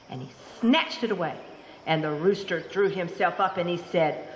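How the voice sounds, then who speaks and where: A woman storyteller telling a folk tale live, animated and theatrical, inviting the audience to join in. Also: on the low side, moderate pace. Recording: roomy hall with long echo, faint room noise.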